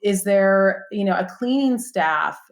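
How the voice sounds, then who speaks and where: A woman's voice: mid-range voice, lively intonation, unhurried, vocal fry. Name: woman. Role: upbeat podcast guest. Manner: practical, upbeat, listing tips with many fillers. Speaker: guest author. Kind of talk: casual podcast conversation.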